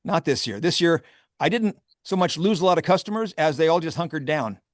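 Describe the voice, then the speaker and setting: Wry, candid man, fairly high voice. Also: brisk, no room sound, studio quality. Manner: candid and wry, laughs often. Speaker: vineyard owner and grape grower. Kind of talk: casual interview chat.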